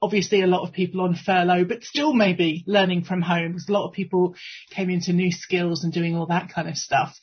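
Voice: mid-range voice, slightly rough, highs cut off. A podcast guest and trainer giving chatty, upbeat interview answers over a remote call. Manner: upbeat, chatty, laughs easily.

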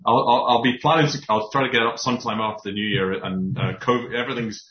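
A man telling stories as a guest in a casual podcast chat, animated and full of restarts. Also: medium pitch, fast, roomy sound, muffled recording. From Scotland. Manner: animated storyteller, many restarts. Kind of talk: casual conversation.

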